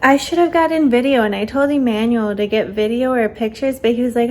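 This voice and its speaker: A woman's voice: a little high, fairly quick, a little mellow. A young woman vlogging in a chatty, candid way, a little out of breath. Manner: chatty and candid, with many fillers. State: slightly out of breath. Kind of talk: casual vlog chat.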